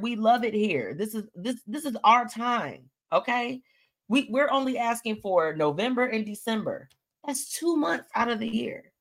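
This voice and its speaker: A woman hosting a live stream show, chatting casually and animatedly with viewers and reading out their comments. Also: a little high. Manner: animated, chatty, laughs often, reads comments aloud.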